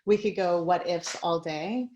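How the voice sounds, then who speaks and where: A woman's voice: fairly low pitch, measured pace, a little mellow, dull audio, slight background noise. A woman giving a conversational talk on a video call, mixing personal stories with practical advice and light laughs. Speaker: guest speaker.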